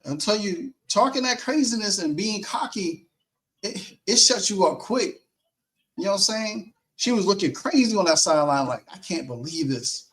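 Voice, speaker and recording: A man co-hosting a casual post-game sports talk stream, animated, laughing easily and acting out what others said. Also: high-pitched, moderate pace.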